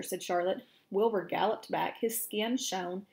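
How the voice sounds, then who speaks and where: A woman teacher reading a children's chapter book aloud to her class, steady and clear. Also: medium pitch, normal speed, few pauses.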